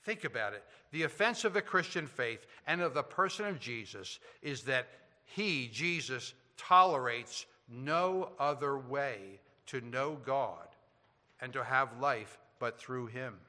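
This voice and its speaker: A man preaching a sermon, swinging between loud emphasis and hushed, quiet passages. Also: medium pitch, expressive, measured pace, in a large hall. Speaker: pastor.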